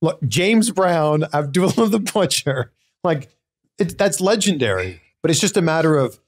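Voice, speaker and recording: A man's voice: on the high side, very animated, moderate pace. A man hosting a casual interview, speaking with open enthusiasm. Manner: enthusiastic and complimentary. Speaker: interview host.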